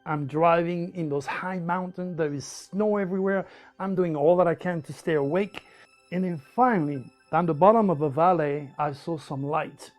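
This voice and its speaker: A man from France with a French accent, telling a personal story in an animated, emphatic way. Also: fairly high pitch, normal speed, soft background music. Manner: animated, emphatic, with repetitions and laughs.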